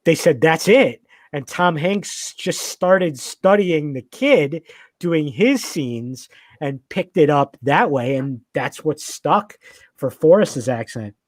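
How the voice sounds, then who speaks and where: A man chats enthusiastically on a podcast, pitched a little higher than most men. He rambles, stacking fillers and restarting his sentences. The sound is dry, with no room around it. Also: expressive, slow pace, dry recording. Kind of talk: casual podcast chat.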